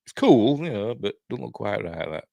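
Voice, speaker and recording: An older Yorkshire man talks in a low voice, chatting casually as the host of a live stream. He muses aloud with dry, wry asides and often lets his thoughts trail off. The sound is close and dry, with no room around it. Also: sing-song, moderate pace, vocal fry, warm tone, no room sound, lo-fi sound. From Yorkshire, England. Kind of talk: casual chat.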